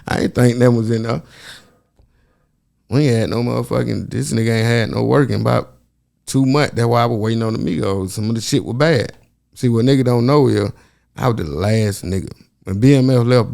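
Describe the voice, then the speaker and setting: A man speaking as a podcast guest, telling a story in a profane, animated way and acting out other people's voices. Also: mid-range voice, gravelly. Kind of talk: casual storytelling.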